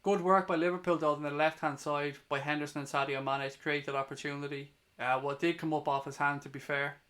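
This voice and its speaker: Brief male fan host, fairly high voice, live play-by-play breaking into angry cursing rants. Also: level tone, fairly quick, a bit bright. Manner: sweary, heated, ranting between play-by-play. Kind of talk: live match reaction commentary.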